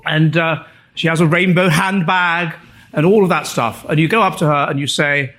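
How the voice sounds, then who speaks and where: A man's voice: on the high side, normal speed, a bit bright. A man from England, an author presenting his book in a live talk to an audience, speaking as a wry, lecturing storyteller who often halts and restarts.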